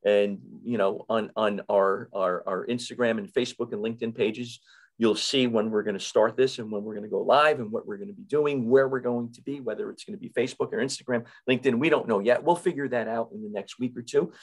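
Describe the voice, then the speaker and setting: Gravelly North Jersey man hosting a podcast. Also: medium pitch, a little fast, low-quality recording. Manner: enthusiastic, repeats words and restarts. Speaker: podcast host. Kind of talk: casual interview chat.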